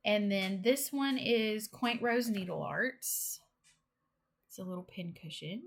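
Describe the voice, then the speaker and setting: A young woman casually chatting through a cross-stitch haul, excitable and gushing, with giggles. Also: mid-range voice, takes it slowly. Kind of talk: casual show-and-tell haul chat.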